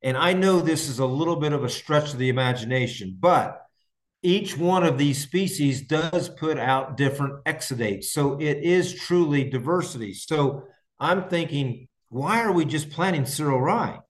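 A man's voice: fairly high pitch, expressive, normal speed. A man hosting a farming podcast, from Indiana, chatting casually and enthusiastically with listeners and answering their questions, with plenty of restarts. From Indiana, United States. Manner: rambling, enthusiastic, frequent restarts. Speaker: podcast host and farmer. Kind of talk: casual live-stream chat answering questions.

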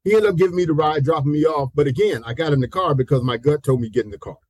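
A dry-sounding pastor of around sixty, appearing as an interview guest, races through his stories in a fairly high, slightly rough voice. He acts out quoted voices, breaks into laughter mid-story, repeats himself, and peppers his talk with "you know." No echo, but the recording quality is low.

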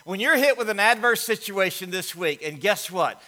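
A middle-aged man preaching a sermon, folksy and animated, telling stories with asides. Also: high voice, normal speed. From Alabama, US. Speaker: pastor.

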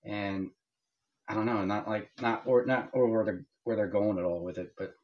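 A man's voice: lowish voice, fairly even intonation, normal speed, highs cut off. A man co-hosting a podcast in casual chat, rambling and hesitant with many restarts. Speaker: podcast co-host.

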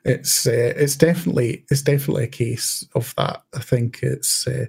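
A man's voice: medium pitch, moderate pace, creaky, a little mellow, husky. Middle-aged Scottish man chatting. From Scotland. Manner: chatty, stacks restarts and repeated words. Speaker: podcast co-host and game master. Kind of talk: casual chat.

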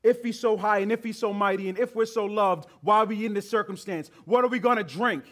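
A preacher acting out the griping complaints of people wandering the desert, in a whiny, accusing tone. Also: male voice, high-pitched, a little fast, fairly bright tone, voice pushed up.

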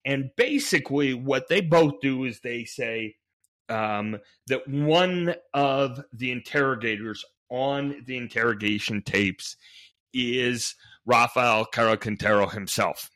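Male podcast host with a middle-pitched voice, casually narrating, working his thoughts out aloud with restarts. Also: fairly bright tone. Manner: thinks aloud, frequent restarts and fillers.

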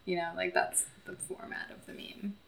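A woman co-hosting a podcast in casual chat, playful and quick to joke. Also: lowish voice, wildly swooping pitch, creaky, fairly bright tone. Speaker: podcast co-host. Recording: roomy echo.

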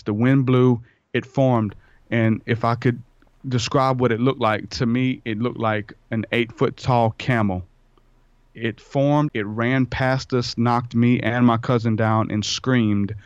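A podcast guest with a clear, resonant mid-range voice tells a rambling personal story in a laid-back manner, performing the lines of dialogue. No room sound is present, though the recording sounds dull and lo-fi.

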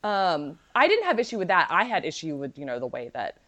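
A woman in her thirties co-hosting a podcast, chatting casually and animatedly. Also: fairly low pitch. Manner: animated, chatty, quick to laugh. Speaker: podcast co-host. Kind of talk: casual chat.

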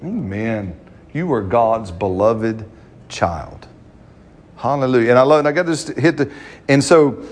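A man preaching a sermon in church, stretching out scripture lines and punctuating them with amens. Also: mid-range voice. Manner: fervent preaching, slow drawn-out stress on scripture, frequent amens. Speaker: pastor. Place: church service.

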